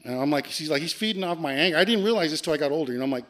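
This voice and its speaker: Fast talking guy telling a creepy story, swearing, acting out the lines. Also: fairly high pitch. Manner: animated, swearing, acts out quoted lines. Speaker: podcast guest. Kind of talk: casual storytelling.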